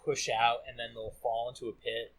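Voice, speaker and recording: A man co-hosting a podcast, chatting casually with many fillers and pauses. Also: medium pitch, flat delivery, a bit bright, poor audio. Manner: hesitant, filler-heavy. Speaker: podcast co-host. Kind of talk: casual chat.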